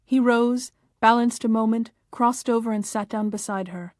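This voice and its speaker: A woman narrates a short story in a plain, even storytelling manner. Her voice is somewhat high yet dark and mellow, and it is recorded close and dry. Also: moderate pace, no echo. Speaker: audiobook reader.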